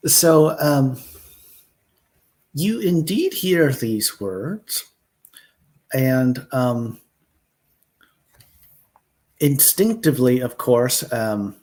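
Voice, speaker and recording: Slow, hesitant male storyteller. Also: medium pitch, lively intonation, a little mellow. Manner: slow, hesitant, many fillers. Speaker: storyteller leading the session. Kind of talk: improvised collaborative storytelling.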